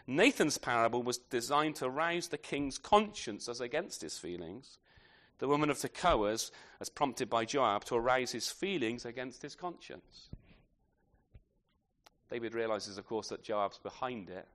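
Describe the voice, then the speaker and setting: A man's voice: medium pitch, animated, a bit bright. A man preaching an expository sermon in a conversational way, often ending points with tag questions and restarting his sentences. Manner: halting restarts, repeated words.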